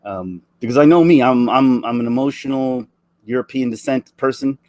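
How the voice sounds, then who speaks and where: A man in his forties delivering an earnest, emotional opinion rant, halting and restarting his sentences. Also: mid-range voice, a little mellow, dry recording. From Canada. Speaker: vlogger.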